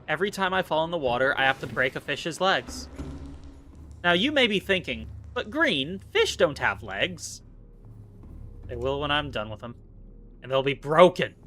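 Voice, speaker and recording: Lively, bright-voiced male game streamer. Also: fairly high pitch, normal speed, pauses often, slight background noise. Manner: playful, theatrical mock-rage rants. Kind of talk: casual live-stream commentary while playing.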